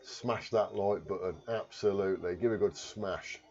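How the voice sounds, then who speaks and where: In a muffled recording, a man with a low, slightly mellow voice talks at normal speed on a live stream. Hailing from Warwickshire, England, and speaking with that accent, he reads viewer comments, rambles, jokes about himself, and swears casually.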